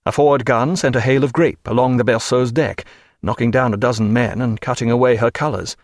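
A man reading an audiobook with steady, vivid storytelling. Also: medium pitch, a little fast, dry recording, clean studio sound. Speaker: narrator. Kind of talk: audiobook narration.

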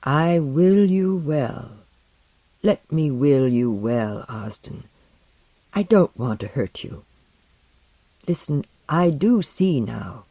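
A man reading the lines of a calm, protective woman physician in a gentle, soft-spoken way. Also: a little high, slow pace, long pauses, slightly rough, no echo, dull audio, exaggerated voice. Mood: soft, earnest.

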